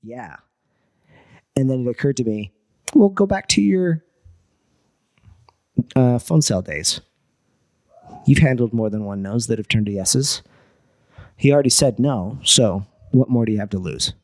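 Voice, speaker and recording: Animated man telling a story. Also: mid-range voice, measured pace, pauses often. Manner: animated, swearing, acts out quoted dialogue. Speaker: guest entrepreneur. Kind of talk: casual storytelling.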